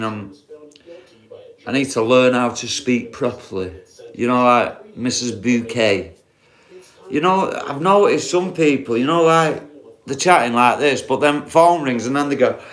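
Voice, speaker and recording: A man's voice: mid-range voice, a little slow, fairly bright tone. A man with a broad Yorkshire accent, chatting casually on a live stream, rambling, swearing freely and often asking viewers if he's wrong. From Yorkshire, England. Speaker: livestreamer.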